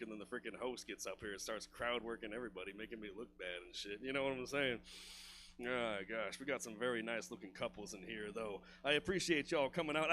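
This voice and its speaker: A man's voice: medium pitch, sharp tone, slight background noise. A man doing a loose, profane stand-up comedy set in a comedy club, laughing at his own jokes.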